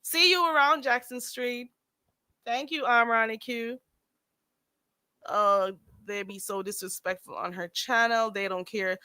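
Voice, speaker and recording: A woman hosting a livestream, chatting in a sassy, animated way and laughing often. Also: fairly high pitch, measured pace, smooth. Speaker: livestream host. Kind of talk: casual commentary chat.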